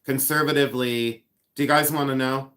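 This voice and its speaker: A man in his fifties chats loosely on a livestream, trading jokes with his viewers and poking fun at himself. His pitch sits in an ordinary middle range and his delivery is playful and offhand. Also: steady tone, fairly quick, sharp tone. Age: 50s. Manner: playful, self-mocking, teasing viewers by name; hums and scats tunes. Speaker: livestream host. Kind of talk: casual live chat.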